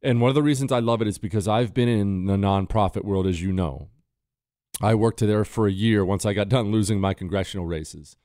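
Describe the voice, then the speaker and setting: A man hosting a talk radio show, delivering a forceful, indignant and sarcastic opinion monologue. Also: lowish voice, a little fast, no echo, studio quality.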